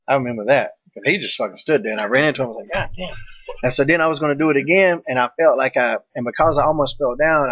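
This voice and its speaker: A man's voice: mid-range voice, fairly bright tone, husky, no echo. A man hosting a podcast, chatting casually, swearing freely as he tells stories. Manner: swearing, storytelling. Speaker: podcast host. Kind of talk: casual chat. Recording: dull lo-fi dry sound.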